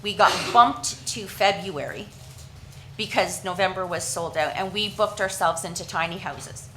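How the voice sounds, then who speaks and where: A woman from Canada giving an earnest, halting presentation at a council meeting, with frequent restarts and fillers. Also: fairly low pitch, fairly bright tone, slight background noise, rough recording.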